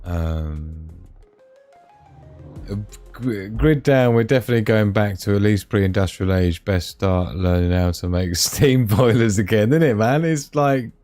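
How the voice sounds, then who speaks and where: Man, lower-pitched voice, dry close sound, casual rambling livestream chat. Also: a little slow, a little mellow, dry recording, soft background music. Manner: rambling, chatty, talks to viewers. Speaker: livestream host. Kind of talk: casual live-stream chat.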